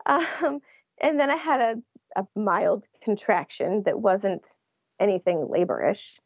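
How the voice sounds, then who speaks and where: A woman's voice: mid-range voice, very animated, measured pace, a little mellow, husky, dry recording. Woman telling a story, laughing often, dry lo-fi sound. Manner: laughs often while recounting. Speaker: interview guest. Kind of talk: casual storytelling.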